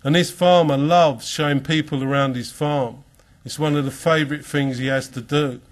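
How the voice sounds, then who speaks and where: A man's voice: fairly high pitch, fairly even intonation, normal speed. A man from England speaking at a youth ministry conference, telling a story with quoted characters and then preaching earnestly. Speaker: Christian speaker. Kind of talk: conference talk.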